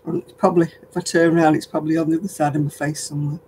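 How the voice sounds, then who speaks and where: An older woman from northern England with a softened regional accent, hosting a casual craft live stream, chatting with viewers and chuckling often. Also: low voice, level tone, very fast, slight background noise, rough recording. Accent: softened northern English. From Oldham, England. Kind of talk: casual chat answering viewer comments.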